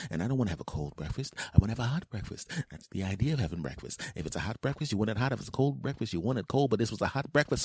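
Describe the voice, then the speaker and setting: A man's voice: fairly low pitch, a little mellow, no echo, studio quality. A man in his forties hosting a podcast, talking in a playful, rambling monologue full of jokey asides. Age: 40s. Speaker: podcast host. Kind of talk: casual comedic monologue.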